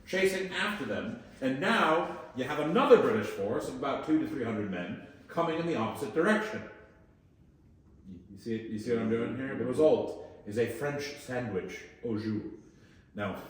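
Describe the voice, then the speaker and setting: A man leading a guided tour at a historic fort, lively and joking, often quizzing his group. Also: mid-range voice, moderate pace. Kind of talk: guided tour talk to visitors. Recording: echoey space, voice from a distance, faint noise.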